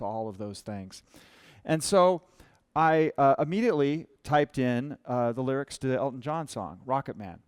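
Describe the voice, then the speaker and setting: A man's voice: medium pitch, clear, resonant tone, no room sound, studio quality. A man giving a talk as a writer in the experience design business. He tells personal stories in a conversational way and acts out the lines of the people in them. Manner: conversational storyteller who acts out quoted dialogue. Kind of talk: storytelling presentation talk.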